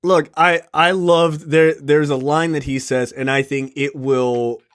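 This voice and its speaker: A man's voice: fairly high pitch, fairly even intonation, unhurried, clean tone. A man co-hosting a casual film podcast, talking emphatically and swearing freely, recorded close and dry. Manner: emphatic and profane. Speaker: podcast co-host.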